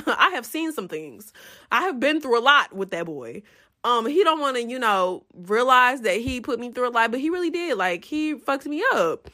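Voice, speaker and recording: A young woman casually telling a profane storytime straight to her viewers. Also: a little high. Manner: animated, profane, addresses viewers as y'all.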